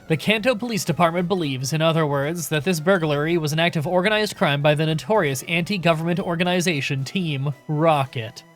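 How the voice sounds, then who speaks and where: Guy doing a slick news reporter in a game, proper announcer read, voice sits a bit high for a man. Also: lightly acted. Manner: formal, measured announcer delivery. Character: polished male TV news reporter.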